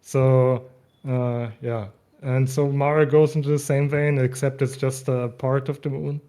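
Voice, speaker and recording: Mellow-voiced male developer explaining. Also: mid-range voice, unhurried. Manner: relaxed, explanatory, laughs often. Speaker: mod developer, guest. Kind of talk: casual interview.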